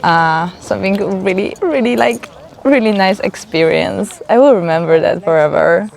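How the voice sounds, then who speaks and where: Excited chatty young woman vlogger. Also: medium pitch, normal speed, vocal fry. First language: not English. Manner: excited and chatty, full of "like" fillers. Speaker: travel vlogger. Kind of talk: casual travel vlog chat. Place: outdoors on holiday.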